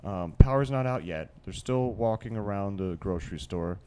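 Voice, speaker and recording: A man's voice: on the low side, normal speed, darkish tone, a little hiss or hum. A man co-hosting a podcast in a studio, brainstorming in a rambling, profane way, full of restarts and swearing. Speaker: podcast co-host. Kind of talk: casual brainstorming chat.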